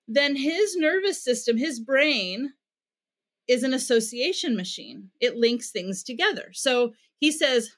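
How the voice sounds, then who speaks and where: A woman's voice: a little high, lively intonation, normal speed, a bit bright. An American woman guesting on a podcast, earnestly explaining parenting advice and acting out bits of dialogue as she goes.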